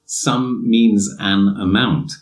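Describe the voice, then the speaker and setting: A man with a fairly low voice talks through a podcast lesson on English grammar. He muses aloud in a loose, easygoing way, full of fillers and restarts, and reads out example sentences to make his points. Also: drawn-out words. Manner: relaxed and musing, with many fillers and restarts. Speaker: English teacher and podcast host.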